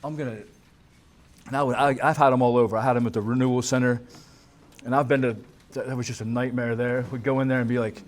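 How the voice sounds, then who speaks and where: A man in his thirties or forties talks fast in a steady, medium-pitched voice while telling a banquet hall crowd about his recovery. It's a candid, easygoing speech at a recovery conference, full of "man" and "dude" with a swear here and there.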